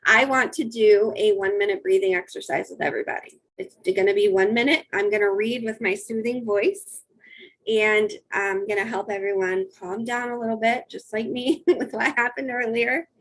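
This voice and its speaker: A woman's voice: mid-range voice, moderate pace, slight background noise, poor audio. A middle-aged woman, a wellness coach, giving a friendly, conversational webinar presentation and listing practical tips.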